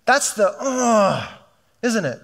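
High-voiced middle-aged man preaching fervently. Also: sing-song, slow, gravelly, a bit bright. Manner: fervent, conversational preaching with restarts. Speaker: pastor. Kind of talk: sermon.

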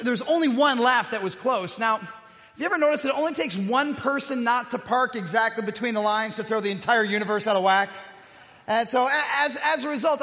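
High, bright-voiced pastor in an echoing hall. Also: male voice. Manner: conversational, self-deprecating storytelling with rhetorical questions. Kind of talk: sermon with personal stories. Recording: echoey hall with long reverb.

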